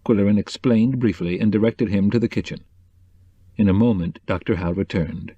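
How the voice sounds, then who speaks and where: A man narrating a novel in a measured, even way. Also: on the low side, breathy edge, no echo, lo-fi sound. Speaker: audiobook narrator. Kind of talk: scripted narration.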